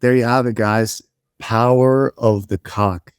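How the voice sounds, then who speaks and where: A man's voice: medium pitch, steady tone, slow pace, clear, resonant tone, dry recording, studio quality. A man co-hosting a podcast, reacting with laid-back, jokey banter. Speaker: podcast co-host. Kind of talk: casual chat.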